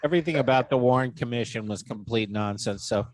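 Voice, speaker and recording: A man co-hosting a casual podcast, swearing freely and jumping high for quoted voices. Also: fast talker, no room sound. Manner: animated, swearing, jumps pitch for quoted voices. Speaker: podcast co-host.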